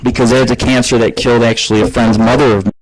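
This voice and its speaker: Guy rambling on his own radio show, cussing a lot, mid pitch, just telling stories. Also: little pitch movement, quick pace, rough recording. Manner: profane, rambling, storytelling. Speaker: internet radio host. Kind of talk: casual rambling monologue.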